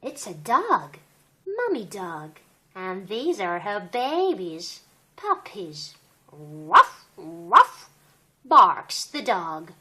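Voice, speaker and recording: A woman reading a picture book aloud to a small child in a gentle, sing-song, child-directed way. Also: medium pitch, big pitch swings, takes it slowly. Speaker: storybook reader.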